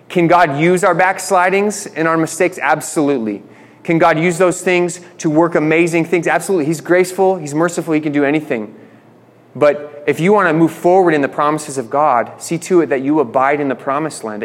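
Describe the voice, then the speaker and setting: A man preaching a conversational Bible sermon as a pastor, enthusiastic and often restarting his phrases. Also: fairly high pitch. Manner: enthusiastic, repeats words as he restarts. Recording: long reverb.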